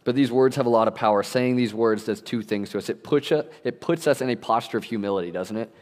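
Young pastor preaching in an echoing hall. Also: male voice, mid-range voice, fast. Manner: animated storytelling preacher, casual slang. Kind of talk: sermon. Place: church sanctuary. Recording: long reverb of a church hall.

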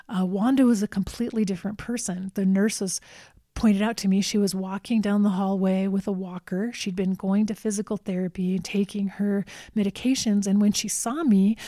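Calm, mellow-voiced woman telling a story. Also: mid-range voice, dry recording, studio quality. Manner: calm, measured with emphatic repetition. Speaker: caregiver visiting a nursing home. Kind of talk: personal storytelling talk.

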